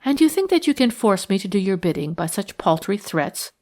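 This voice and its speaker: A woman reading the part of a calm, disdainful aristocratic lady who answers threats with cool sarcasm. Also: mid-range voice, a little fast. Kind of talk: audiobook character reading.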